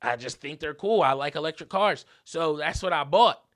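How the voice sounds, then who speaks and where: A young man hosting a podcast, telling a story in an animated, profane, casual rant. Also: fairly high pitch, moderate pace. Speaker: podcast host.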